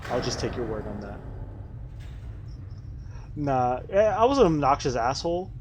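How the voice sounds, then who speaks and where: A man's voice: medium pitch, sing-song, normal speed, background noise. A man streaming a game, chatting casually with his viewers in a rambling, profane way. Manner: profane, rambling, talks to chat while playing. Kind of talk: casual gaming livestream chat.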